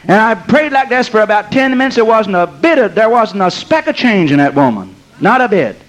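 An older man preaching a sermon, telling stories in a folksy, emphatic way and drawing out key phrases slowly. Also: high voice, very animated, rough recording. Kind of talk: sermon with storytelling.

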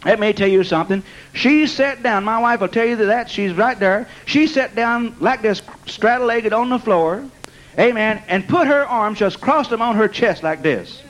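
Preaching at normal speed, a man whose voice is notably high and a bit bright shares his testimony as a storytelling sermon, recorded roughly. "Amen," "bless God" and "praise God" pop up throughout, and he laughs at his own tale.

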